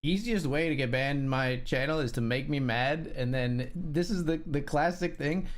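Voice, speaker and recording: A man's voice: on the high side, normal speed. A man streaming online poker, commenting casually on his hands and ranting with sarcasm and swearing.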